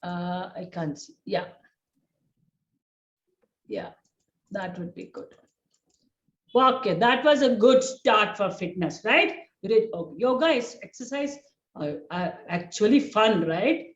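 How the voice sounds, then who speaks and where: A woman leading a storytelling session for children over a video call, animated and asking the kids questions. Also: mid-range voice, slow, pauses often, echoey room, lo-fi sound.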